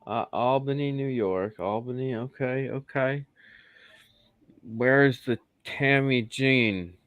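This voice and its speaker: A man's voice: mid-range voice, slow pace, a bit bright, no echo. A man from Michigan hosting a live stream in casual, crude, joking chat.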